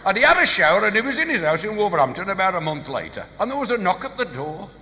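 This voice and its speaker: On stage in a large hall, a Black Country comic from the English West Midlands delivers quick one-liners and short joke stories. His voice sits high, sing-song and sharp at a quick pace, and the recording carries live reverb and a little noise.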